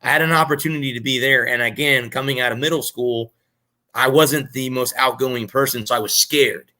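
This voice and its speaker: A man's voice: mid-range voice, steady tone, a little fast, pushed and bright. A man from Florida, reflective and candid as he tells his own story in a casual chat. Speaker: co-host, aspiring announcer.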